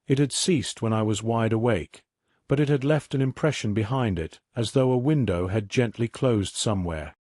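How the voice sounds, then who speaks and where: A man reading a classic mystery aloud as a sleep story in a measured, even way. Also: fairly low pitch, dry recording, studio quality. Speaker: audiobook narrator. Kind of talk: scripted sleep-story narration.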